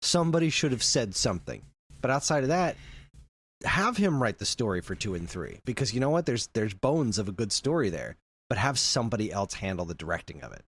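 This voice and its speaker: A man's voice: lowish voice, a little fast, breathy edge. A man co-hosting a casual podcast chat, ranting animatedly about films. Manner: animated ranting, acts out quotes. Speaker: podcast co-host.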